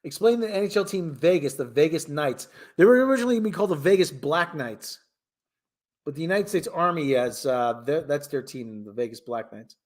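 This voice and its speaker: A man's voice: on the high side, lively intonation, a little fast. A man from the Hartford area hosting his own show, ranting in a casual, exasperated, rambling way with many restarts. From Connecticut, Hartford area. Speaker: host. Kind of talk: casual rambling sports commentary.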